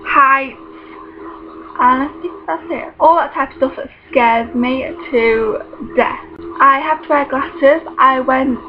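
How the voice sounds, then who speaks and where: A woman chatting to camera in a rambling, self-correcting way. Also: high voice. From United Kingdom. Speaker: vlogger. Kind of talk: casual chat to camera. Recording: dull lo-fi recording with faint noise.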